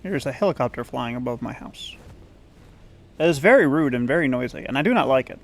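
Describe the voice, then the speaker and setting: A man's voice: medium pitch, lively intonation, fairly quick. Rambling man gaming. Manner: rambling, self-conscious, chatty. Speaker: YouTuber. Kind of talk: casual gaming commentary.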